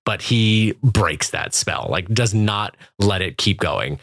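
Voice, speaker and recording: A man's voice: on the low side, animated, slow pace, vocal fry, a bit bright, no room sound, studio quality. A man co-hosting a podcast, casually walking through film scenes in detail and laughing along with his co-host.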